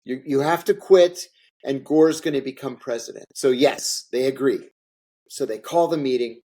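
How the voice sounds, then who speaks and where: With a dark, mid-range voice and a moderate pace, a man who formerly worked in intelligence shares stories during an interview. He's candid and emphatic, circling back to certain phrases to drive them home.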